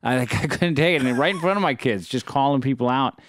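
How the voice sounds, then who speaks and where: A man in casual podcast chat, telling animated, fired-up stories about his family. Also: medium pitch, quick pace, dry recording, studio quality.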